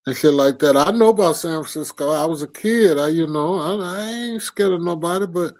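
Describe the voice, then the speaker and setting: Loud profane man teasing on a morning show. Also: fairly high pitch, a little fast, poor audio. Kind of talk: casual banter.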